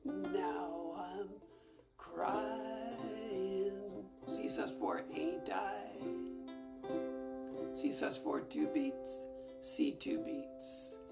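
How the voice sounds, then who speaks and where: Woman ukulele teacher, gravelly low-key talk, measured pace, ukulele playing behind. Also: huge pitch swings, over loud music. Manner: soft-spoken, half-whispered asides. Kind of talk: casual music lesson with singing.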